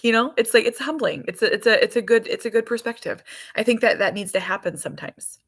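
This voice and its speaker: Bright-voiced woman chatting casually. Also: fairly high pitch, expressive, fast, breathy edge. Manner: chatty and rambling, with many restarts and fillers. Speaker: podcast host and mother. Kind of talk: casual chat.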